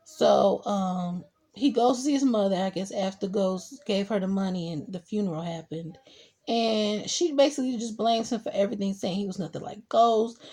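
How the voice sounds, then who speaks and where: A young woman recapping a TV episode in a casual, animated way, acting out the characters' lines as she goes. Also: mid-range voice, normal speed. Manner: animated retelling with acted quotes. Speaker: TV show reviewer.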